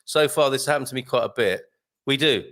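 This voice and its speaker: A man's voice: medium pitch, brisk, fairly bright tone. A man hosting a live online morning show, chatting and jokily reading viewer comments aloud. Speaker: host.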